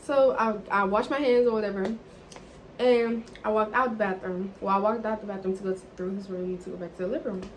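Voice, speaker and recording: A young woman vlogger telling a dating story in casual, animated chat, swearing freely and saying "like" often. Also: medium pitch, a little fast, slight background noise, rough recording. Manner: animated, profane, chatty with lots of "like".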